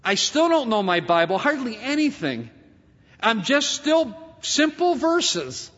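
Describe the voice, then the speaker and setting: A man's voice: very high voice, big pitch swings, takes it slowly, a bit bright. A middle-aged man preaching a sermon, telling a personal story with earnest testimony and acting out the dialogue. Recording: muffled audio with long hall reverb.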